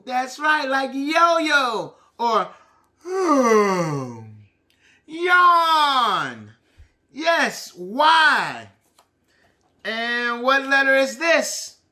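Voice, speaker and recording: A man teaching a preschool lesson, prompting the children in an animated, sing-song call and response. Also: extremely high pitch, extremely slow.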